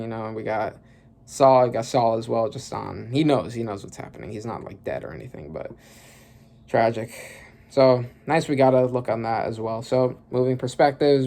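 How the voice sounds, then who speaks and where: A man's voice: mid-range voice, creaky, darkish tone. A man casually thinking aloud as he reacts to a comic, full of fillers and restarts. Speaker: manga reaction youtuber.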